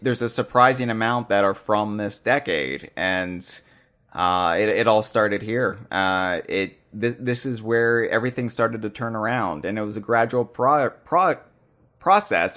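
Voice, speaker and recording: A man's voice: on the low side, fairly bright tone. A man in his thirties hosting a podcast, speaking in a heartfelt, reflective way and often stopping to restart his sentences. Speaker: podcast host. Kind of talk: casual podcast chat.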